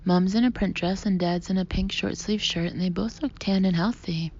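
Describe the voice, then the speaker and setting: A woman narrating an audiobook in the first person, expressive, often sinking to a breathy half-whisper. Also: mid-range voice, moderate pace. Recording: muffled lo-fi audio with faint hiss.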